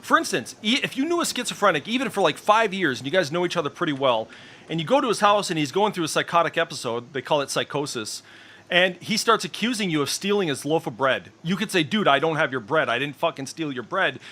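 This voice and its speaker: A man's voice: a little high, big pitch swings, quick pace, bright, forceful tone. A middle-aged man streaming in casual voice chat, ranting with heavy profanity and strong opinions.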